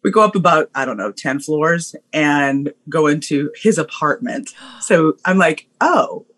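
Give me a husky woman guest telling a story with lots of ups and downs in her voice. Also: sits low, measured pace. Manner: animated, acts out voices, laughs often. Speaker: podcast guest.

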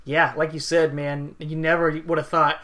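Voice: medium pitch, little pitch movement, normal speed, bright, forceful tone. A podcast co-host chatting easily about wrestling and agreeing with the host. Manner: easygoing, agreeable banter. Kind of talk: casual wrestling podcast chat.

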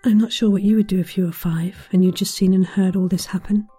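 A woman reading a children's bedtime story aloud, with gentle, chatty asides to the listener. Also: medium pitch, steady tone, fast talker, husky, faint music behind.

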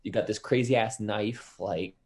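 Man, husky voice, casual movie talk, enthusiastic, swears a lot. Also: fairly low pitch, moderate pace, a little mellow. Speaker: podcast co-host.

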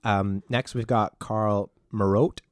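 A man's voice: lowish voice, steady tone, slow pace, dry recording, clean studio sound. A young man from Canada hosting a movie podcast, reading cast notes in a loose, joking way with some swearing. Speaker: podcast host. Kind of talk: casual movie podcast chat.

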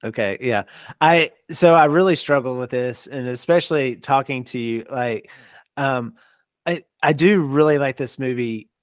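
Young guy podcast guest, mid pitch, laughs a lot, lots of ums, dry mic. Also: normal speed, no room sound. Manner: chatty, laughs often, hesitant fillers. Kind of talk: casual chat.

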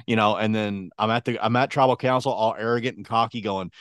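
A man's voice: lowish voice, normal speed, hardly any pauses, no room sound, clean studio sound. A man co-hosting a podcast, casual and jokey, acting out quotes as he tells stories. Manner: animated, jokey storytelling with acted-out quotes. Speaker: podcast co-host. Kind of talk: casual chat.

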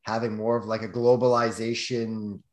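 A man co-hosting a podcast, chatting casually and telling lively stories with frequent laughter. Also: on the low side, normal speed, roomy sound. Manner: animated storyteller, laughs often. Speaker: podcast co-host. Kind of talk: casual chat.

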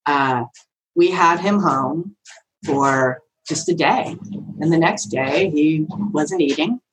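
A woman podcast guest telling a story in a chatty, animated way, often acting out voices with big swings in pitch. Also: slow, slight background noise, poor audio. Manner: chatty, frequent fillers like "like" and "right?". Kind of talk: casual storytelling.

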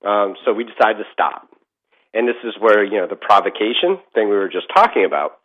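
A man's voice: fairly low pitch, a little fast, phone-quality sound. A middle-aged man telling a ghost story in casual chat, rambling with lots of fillers and restarts.

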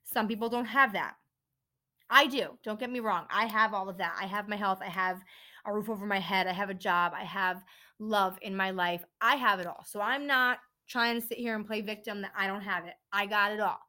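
A woman's voice: medium pitch, normal speed, pushed and bright. A woman who works in a dental office front desk, hosting her own podcast and venting bluntly with plenty of swearing. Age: adult parent. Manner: frustrated, blunt, swears often.

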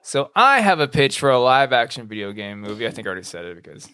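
A man's voice: medium pitch, sing-song, fast talker, sharp tone, clear, resonant tone, no echo. A man in casual chat as a podcast co-host, laid-back and jokey, swearing freely.

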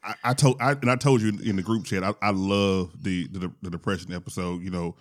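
A man co-hosting a podcast in casual chat, speaking haltingly with repeated words and short agreements. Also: deep voice, fairly even intonation. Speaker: podcast co-host.

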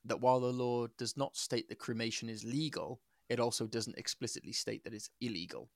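A young man co-hosts a podcast, telling a story in a loose, swearing way and breaking into laughter often. His voice sits at a medium pitch. The sound is dry and close. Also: fairly even intonation, fairly quick, gravelly, dry recording. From Wales. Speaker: podcast co-host. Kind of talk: casual chat.

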